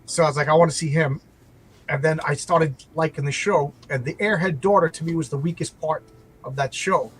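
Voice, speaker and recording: A man in casual chat, retelling a TV show in a rambling, animated way, full of restarts and quoted lines. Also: a little high, fairly quick, husky, rough recording. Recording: faint background noise.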